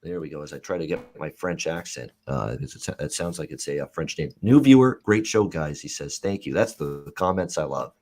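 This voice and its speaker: A man's voice: rumbling low, brisk, hardly any pauses. A man hosting a live sports betting talk show, talking in a loose, rambling way with many fillers and reading out viewer comments. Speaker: host.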